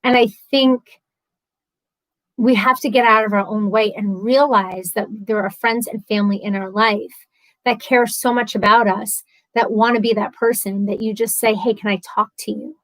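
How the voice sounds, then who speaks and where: A woman's voice: mid-range voice, fairly even intonation, moderate pace, a bit bright, dry recording, rough recording. A woman hosting a live stream from home, chatty and earnest, talking casually and openly at length. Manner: chatty and earnest, talks a lot.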